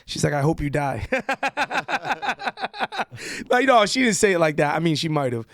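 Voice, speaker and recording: A man with a Boston accent, a podcast guest telling a drinking story in a rambling, halting way full of fillers. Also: fairly high pitch, sing-song, a bit bright, dry recording. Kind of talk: casual chat.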